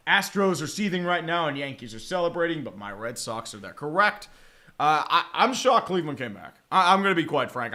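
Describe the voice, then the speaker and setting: A man's voice: mid-range voice, pushed and bright. A young man casually chatting and joking through a live sports watch-along, profane and rambling with dramatic swings. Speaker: livestream host.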